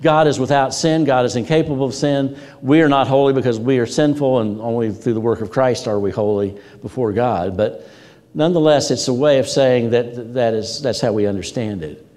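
A man's voice: mid-range voice, fairly quick, mellow. A man preaching a sermon as a pastor, telling stories with energy and repeating words for emphasis. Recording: long hall reverb.

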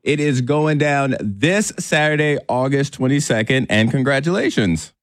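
A man's voice: mid-range voice, animated, normal speed, no echo. A man hosting a morning radio call-in game, upbeat and playful, talking into a studio microphone. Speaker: radio host.

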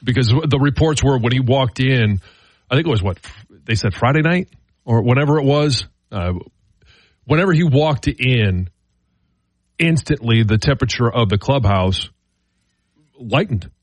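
A male sports radio co-host with a mid-pitched voice, talking casually about the game. He works through his arguments thoughtfully, often repeating words as he goes. His voice sounds dry, with no room echo. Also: lively intonation, moderate pace, pauses often.

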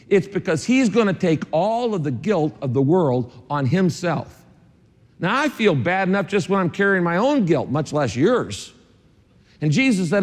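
High-voiced preacher in a reverberant hall. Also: male voice, darkish tone. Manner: emphatic and repetitive, with dry asides. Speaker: pastor. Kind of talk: sermon. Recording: long reverb of a large hall.

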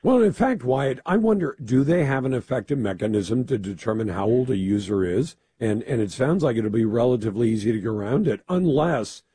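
A man hosting a talk radio show with a gravelly, hoarse voice, asking pointed questions in a conversational way. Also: medium pitch, animated, fairly quick, few pauses, warm tone, dry recording.

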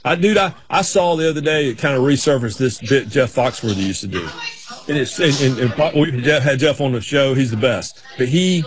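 Man, sports host, casual chat, quick back-and-forth. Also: mid-range voice.

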